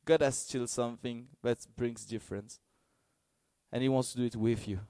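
Male preacher, earnest and halting, dry close sound. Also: medium pitch, dry recording. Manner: halting, searching for words, earnest; gets excited and loud in bursts. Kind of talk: sermon.

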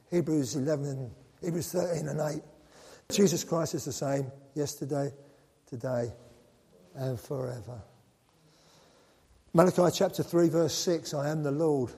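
A man preaching a sermon, animated and joking with the congregation. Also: fairly high pitch, measured pace, pauses often, slightly rough. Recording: long reverb of a large hall.

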